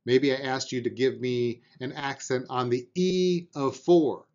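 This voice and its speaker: A man's voice: mid-range voice, steady tone, a little slow, a little mellow, highs cut off. A man teaching a beginner drum lesson, patiently explaining and counting out beats aloud, with an encouraging manner.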